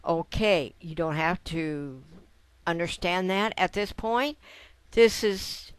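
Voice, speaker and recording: Between phrases of piano, a woman with a lowish, clean-toned voice gives a slow, patient lesson, breaking it into steps and counting the notes aloud. There is no room sound.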